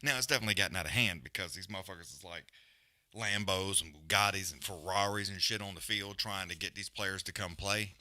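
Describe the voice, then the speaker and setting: A man's voice: deep voice, fast, pushed and bright, dry recording. A man hosting a live fight-watch stream, ranting bluntly with heavy swearing and loose slang, then calling the action. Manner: rambling with restarts and trailing mutters. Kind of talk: profane casual rant and fight commentary.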